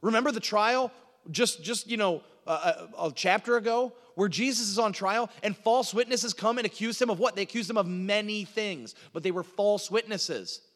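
A man's voice: high-pitched, moderate pace, a bit bright. A man preaching an expository sermon who drives points home with repetition and often restarts his words. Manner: emphatic repetition, frequent stuttered restarts. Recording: long hall reverb.

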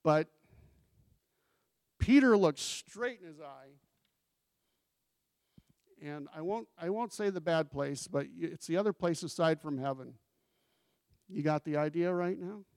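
A man preaching a sermon with a somewhat high voice. He talks in a conversational way, turns questions to the congregation, and leans into scripture quotes. The sound is dry and close. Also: a little slow, vocal fry, long pauses, darkish tone, no echo. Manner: acts out scripture quotes with emphasis. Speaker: pastor.

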